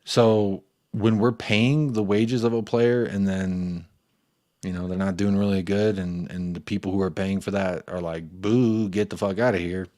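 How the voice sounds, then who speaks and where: A man's voice: low-pitched, fairly even intonation, measured pace, dark tone, no room sound, clean studio sound. A man hosting a football fan show, chatting casually and rambling, sometimes losing his train of thought and swearing. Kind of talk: casual post-match fan chat.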